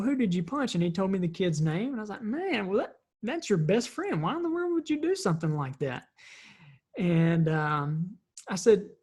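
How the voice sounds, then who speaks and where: A woman with a slightly low voice gives a motivational talk in an earnest, conversational way. She tells stories from family life and acts out the voices in them. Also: a little mellow. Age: parent of three kids. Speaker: leadership speaker.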